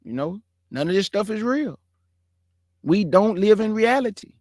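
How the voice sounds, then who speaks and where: A man's voice: sits high, expressive, a little slow, darkish tone, dry recording, studio quality. A man hosting his own show, talking straight to viewers in an earnest, impassioned monologue and calling them family and brother. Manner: earnest, addresses listeners as family and bruh; grows heated and emphatic. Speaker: show host.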